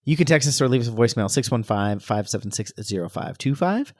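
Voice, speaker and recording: A man's voice: medium pitch, animated, quick pace. A self-deprecating man co-hosting a comedy podcast who laughs often. His voice sounds close and dry, with no room echo. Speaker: podcast co-host. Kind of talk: casual chat.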